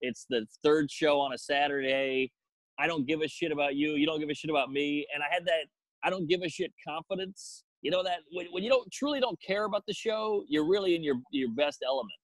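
A man's voice: a little high, a little fast, dry recording, rough recording. A man, a comedian, telling a profane story in a casual chat, acting out the quotes with energy. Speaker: comedian guest.

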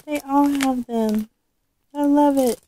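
A woman with a sore, recovering throat, chatting casually as she unboxes a doll, halting with frequent ums. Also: high-pitched, fairly even intonation, mellow, a little hiss or hum, rough recording. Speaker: vlogger unboxing a reborn doll.

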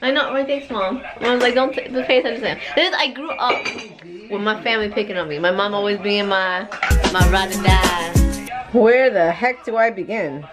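A woman's voice: medium pitch, moderate pace, over loud music. A young woman in her twenties talking to the camera at home in a playful, goofy way, sprinkling Spanish phrases into her vlog. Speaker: vlogger. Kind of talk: casual vlog talk to camera.

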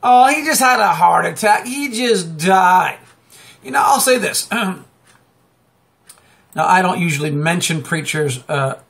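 A man preaching off the cuff, rambling and emphatic, breaking into sudden loud outbursts and chuckles. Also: sits high, creaky. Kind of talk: fiery unscripted preaching monologue.

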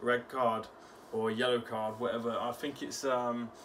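A man's voice: mid-range voice, level tone, measured pace, fairly bright tone, a little hiss or hum. Casual sweary young man. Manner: casual, sweary, many fillers. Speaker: vlogger, ex-soldier. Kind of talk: casual commentary vlog.

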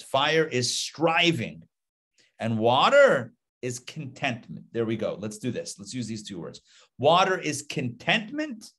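Leading an informal live Torah lesson, a middle-aged rabbi speaks at a fairly high pitch. His manner is lively and chatty, full of rhetorical questions and repetition.

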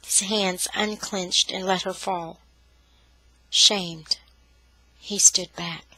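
Bright, dramatic woman storyteller. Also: fairly low pitch, very slow, husky, no echo, rough recording. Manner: expressive, dramatic reading aloud. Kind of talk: scripted narration.

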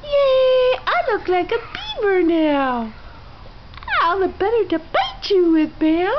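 A woman's voice: very high voice, very animated, slow, full character voice. A woman putting on the voice of a cheeky puppy that is showing off its new teeth, in a playful, sassy way, in a dull home video with background noise.

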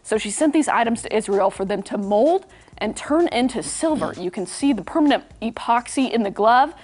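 A young woman delivers entertainment headlines on a morning show, then slips into chatty banter with her co-hosts. Her voice sits a bit high, bright and easy. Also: animated, moderate pace. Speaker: entertainment news anchor. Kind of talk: morning news reading with banter.

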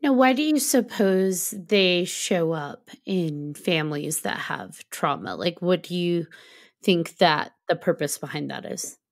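A woman's voice: fairly low pitch, very animated, measured pace. A woman hosting a podcast, asking her guest loosely phrased, curious questions in a casual tone. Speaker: podcast host.

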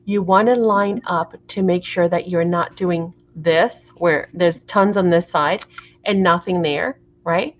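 A woman's voice: lowish voice, slow. Chatty middle-aged woman, dull recording. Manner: chatty, checks in with viewers often; apologetic, flustered by the camera framing. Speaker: craft tutorial host. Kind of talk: live craft demonstration. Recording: dull lo-fi sound.

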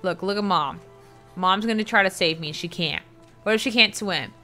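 Young woman, gameplay commentary, chatty, excitable, bright tone. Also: mid-range voice, moderate pace. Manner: chatty, excitable, reacting with gasps and laughter. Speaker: gameplay streamer. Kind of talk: casual game commentary. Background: game music.

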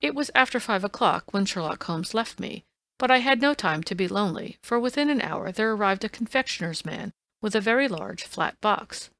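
A woman narrating a classic story as an audiobook, in even, unhurried storytelling. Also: medium pitch. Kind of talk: scripted narration.

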